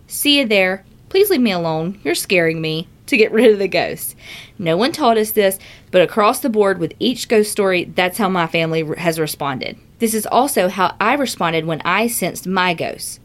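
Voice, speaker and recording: A woman co-hosting a podcast, reading a listener email aloud and reacting expressively with gasps and swearing. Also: mid-range voice. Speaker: podcast co-host.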